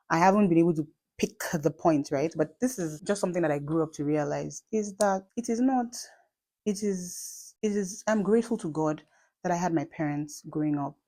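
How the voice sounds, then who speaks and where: Nigerian woman, late 30s, low mellow voice, chatty emphatic vlogger. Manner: chatty and emphatic, with repeats and asides. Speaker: vlogger and mother. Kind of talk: casual talk to camera.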